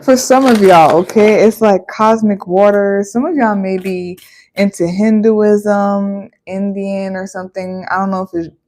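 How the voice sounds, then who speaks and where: A woman giving a casual tarot card reading, chatty and animated, breaking into exclamations and playful voices. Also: medium pitch, a little slow.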